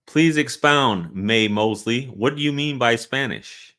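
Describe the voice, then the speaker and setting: A man's voice: measured pace, sharp tone. A man hosting a live question-and-answer stream, reading chat comments and repeating questions back in disbelief. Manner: incredulous, repeats questions with rising pitch. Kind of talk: casual live Q&A reacting to chat.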